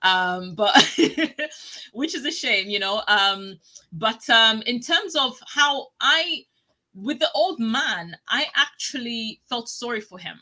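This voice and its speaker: A woman hosting a live online show, chatting casually and telling stories excitedly, often breaking into laughter. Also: fairly high pitch, slow pace, low-quality recording. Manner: excitable, animated storytelling with laughs. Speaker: talk show host. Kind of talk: live casual TV review chat.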